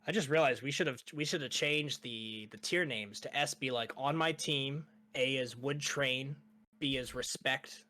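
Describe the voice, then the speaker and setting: A man's voice: medium pitch, unhurried, pushed and bright. A young man hosting a casual ranking chat, rambling and laughing often. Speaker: host ranking characters.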